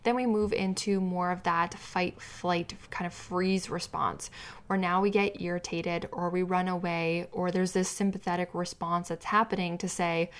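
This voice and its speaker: A woman's voice: lowish voice, little pitch movement, normal speed. A woman hosting a solo podcast as a weight-loss coach, explaining in an earnest, teaching way and sometimes acting out what a client's inner voice says.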